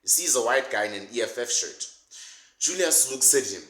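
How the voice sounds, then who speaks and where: A man's voice: mid-range voice, lively intonation, moderate pace, pushed and bright. A man delivering a sarcastic, mocking comedic rant as a political commentator, laughing at his own jokes. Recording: roomy echo.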